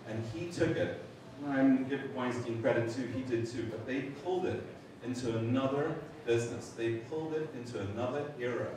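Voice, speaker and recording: A middle-aged man telling a lively anecdote at a memorial, swearing, laughing and acting out other people's voices. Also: medium pitch. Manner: animated storyteller, swears, acts out voices, laughs. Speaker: memorial speaker. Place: large event hall. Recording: echoey hall from far off, noisy.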